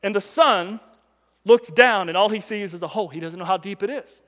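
High-voiced pastor preaching in a reverberant hall. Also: male voice, a little fast. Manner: animated storytelling, swings from loud to hushed. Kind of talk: sermon. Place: church sanctuary.

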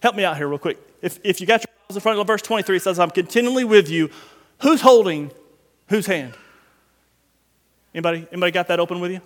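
High-voiced male preacher in a reverberant hall. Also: quick pace, long pauses. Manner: preaches with swings from quiet to loud emphasis, addresses the congregation directly. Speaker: pastor. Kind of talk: sermon. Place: church sanctuary.

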